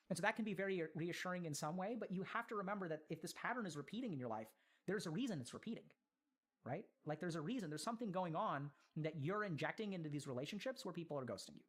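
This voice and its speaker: A mental health commentator talks quickly through a viewer's letter and keeps a steady middle pitch. The delivery is earnest and explanatory, with many "like"s and tag questions of "right?". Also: breathy edge.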